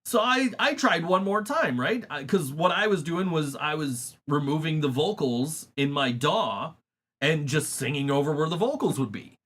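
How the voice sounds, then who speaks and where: A man's voice: a little high, expressive, moderate pace, a bit bright. Profane, laughing male podcast host. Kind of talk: casual chat.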